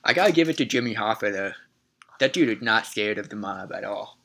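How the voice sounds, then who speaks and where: A man co-hosting a podcast in relaxed casual chat, asking questions and quoting film scenes. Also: on the low side, a little fast. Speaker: podcast co-host.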